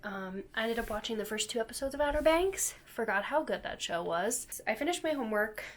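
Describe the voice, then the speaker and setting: A woman's voice: a little high, lively intonation, fairly quick, slight background noise. A young woman chatting casually to her camera in her bedroom, bubbly and self-deprecating. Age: young adult. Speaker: vlogger. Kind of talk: casual vlog chat. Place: bedroom at home.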